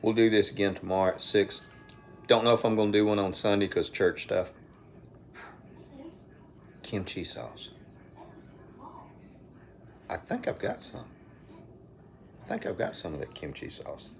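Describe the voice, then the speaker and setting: A man's voice: lowish voice, big pitch swings, a little slow, vocal fry, long pauses, noisy background. A middle-aged man with an Alabama accent, rambling in a folksy way as he hosts a casual live stream from his phone at home. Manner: folksy, rambling, talks to viewers by name. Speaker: livestream host.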